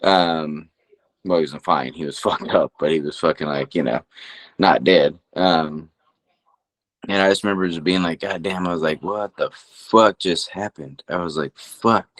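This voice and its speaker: A man's voice: extremely low pitch, fairly even intonation, moderate pace. A man co-hosting a podcast, telling a story in casual chat with rambling, profane speech. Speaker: podcast co-host.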